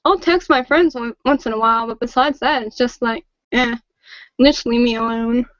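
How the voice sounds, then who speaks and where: A young woman guesting on a podcast, chatting casually with dry, deadpan quips. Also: a little high, normal speed, no echo. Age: young adult. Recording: dull lo-fi dry sound.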